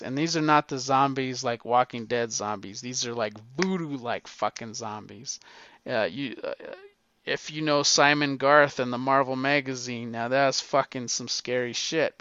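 A middle-aged man rambles through animated stories, swearing freely. His voice is bright and smooth. The recording is dry and a little dull. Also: medium pitch, dry recording. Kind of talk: casual storytelling monologue.

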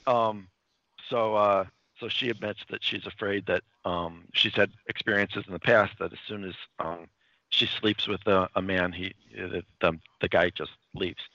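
A man with a low voice and a bright, forceful edge chats casually as a podcast host. He rambles and hesitates, filling gaps with ums and restarts. The lo-fi recording sounds dull and dry. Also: steady tone, a little slow, dry recording. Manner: rambling, hesitant, full of fillers. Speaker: podcast host reviewing comics. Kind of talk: casual chat.

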